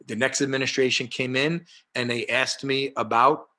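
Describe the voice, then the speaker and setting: In this casual storytelling interview, the guest is a martial arts historian, a man in his sixties with a New York accent speaking over a video call. His anecdotes are animated and rambling, packed with fillers and restarts, delivered at medium pitch and normal speed.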